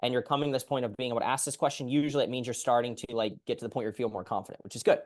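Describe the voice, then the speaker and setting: A man coaching a client on a call as a physical therapist, explaining in an animated way and acting out what clients say. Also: mid-range voice, rapid-fire. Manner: animated, acts out client voices.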